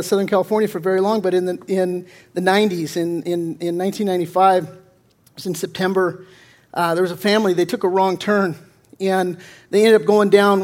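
A man's voice: high-pitched, a little mellow. A male pastor preaching a conversational sermon that mixes jokes into the teaching, talking with lots of fillers and restarts.

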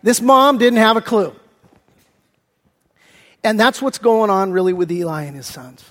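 A male pastor preaching a sermon, telling stories in a chatty, animated way with lots of fillers. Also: high-pitched, a little slow, pauses often. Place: church sanctuary. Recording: long echo in a church hall.

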